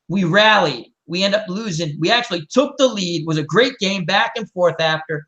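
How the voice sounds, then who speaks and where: A man's voice: high-pitched, normal speed, hardly any pauses. A middle-aged man, hosting a casual chat and telling rambling anecdotes. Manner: animated, rambling anecdotes with mimicked voices. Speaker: host.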